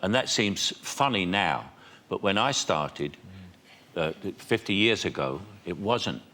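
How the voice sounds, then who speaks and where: A man's voice: sits low, expressive, slow, pushed and bright. A man in his seventies with a London working-class accent, chatting as a guest and telling self-mocking anecdotes. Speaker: guest actor. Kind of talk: casual chat. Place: TV studio with audience.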